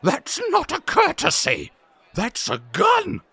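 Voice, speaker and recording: A man's voice: fairly high pitch, big pitch swings, measured pace, fairly bright tone, no echo, full character voice. A man voicing a vain, cowardly English duke who talks in a fussy, flustered way.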